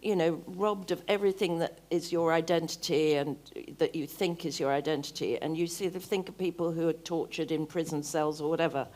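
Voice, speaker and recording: Older actress chatting onstage, slightly low voice, gets lively acting out her thoughts. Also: brisk, few pauses. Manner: lively, acts out remembered thoughts. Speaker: actor and author, festival speaker. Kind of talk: live onstage conversation. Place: book festival event stage.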